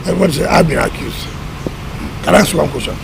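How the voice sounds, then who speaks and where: A man's voice: a little high, rapid-fire, creaky, background noise. A middle-aged man, a government minister in a press interview, talking in an emphatic, combative way and often repeating words. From Nigeria.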